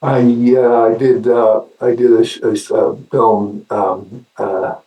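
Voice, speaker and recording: An older man with an Australian accent, a guest actor telling wry anecdotes in a casual interview, often halting and restarting. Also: medium pitch, little pitch movement, warm tone, reverberant, distant mic, rough recording.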